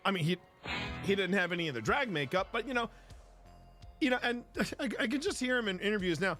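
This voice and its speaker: A man's voice: sits high, lively intonation, brisk, pushed and bright, soft background music. A man hosting a casual livestream and chatting in a joking, rambling way. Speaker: livestream host.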